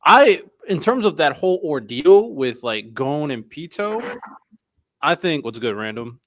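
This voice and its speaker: A man's voice: on the high side, sing-song, measured pace. A man co-hosting a casual podcast, talking over his picks with asides and tangents. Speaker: podcast co-host.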